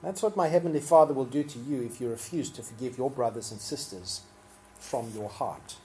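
A preacher giving a sermon in a relaxed, conversational way with fillers, now and then acting out the people quoted. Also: medium pitch, brisk, slight background noise.

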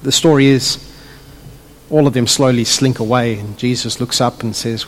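A man preaching a sermon to a congregation. He is animated and drops his voice low when he retells a story. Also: normal speed, in a large hall, slight background noise. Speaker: pastor.

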